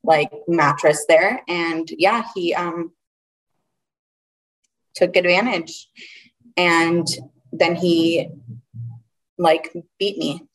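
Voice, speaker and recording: A young adult woman telling a personal story as an interview guest, earnest and halting, often restarting her sentences. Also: on the low side, fairly even intonation. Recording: voice a little far from the mic.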